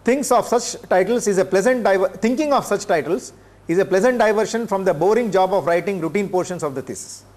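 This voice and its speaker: Measured older professor, high voice. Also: male voice, darkish tone. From India. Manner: measured, pausing often with filler sounds. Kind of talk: classroom lecture. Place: lecture room.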